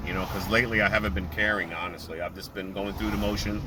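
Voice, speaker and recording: A man's voice: low voice, steady tone, fast. Chatty man vlogging from his car. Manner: chatty, laughing, storytelling with quoted voices. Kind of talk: casual chat while driving. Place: car in traffic. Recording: car and road noise. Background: traffic noise.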